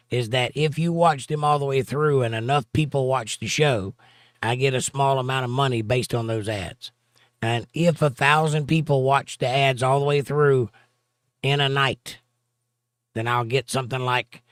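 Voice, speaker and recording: A man's voice: medium pitch, no echo. Dry-sounding male livestream host. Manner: reads viewer comments aloud in a steady conversational drawl. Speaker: livestream host reading chat. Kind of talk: casual chat.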